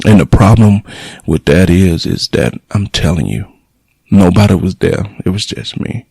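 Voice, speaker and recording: Middle aged radio host guy telling a personal story, real deep and husky, dry close mic, emotional and blunt. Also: moderate pace, darkish tone, dry recording. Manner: emotional, plainspoken, blunt with cursing.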